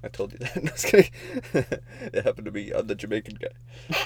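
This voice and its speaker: A man's voice: lowish voice, animated, a little fast, slightly rough. A young man co-hosting a casual podcast, telling a rambling story and laughing as he goes. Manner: rambling, laughs often, loses his thread. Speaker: podcast co-host.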